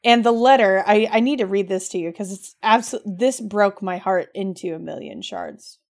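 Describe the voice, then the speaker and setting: Chatty gamer girl cohost, gushes a lot, gets all emotional, normal pitch. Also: moderate pace. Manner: animated, gushing, emotional. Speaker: podcast co-host. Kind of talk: casual chat about games.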